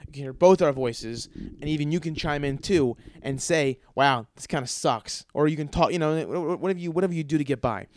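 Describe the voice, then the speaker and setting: On his own podcast, this host rants comically and casually, swearing a lot, grumbling, and restarting his rambles. He talks quickly with hardly any pauses, his high-leaning voice carrying a darkish tone in an echo-free recording.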